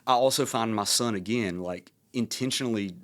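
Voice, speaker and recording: Southern man with a low reflective voice. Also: moderate pace, fairly bright tone. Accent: Southern American. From American South. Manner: reflective, rambling, many fillers. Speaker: podcast host. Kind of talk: casual conversation.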